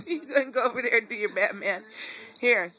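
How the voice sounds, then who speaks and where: A woman's voice: fairly high pitch, lively intonation, moderate pace, bright, forceful tone. A woman filming at home, mock-scolding and teasing her little dog with frequent laughter. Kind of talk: casual home video talking to a dog.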